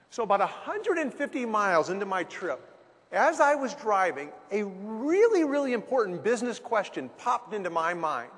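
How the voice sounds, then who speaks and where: High-voiced man telling a story in a hall. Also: breathy edge. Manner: lively storyteller with dramatic pauses. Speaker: business speaker. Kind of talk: storytelling talk. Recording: long hall reverb.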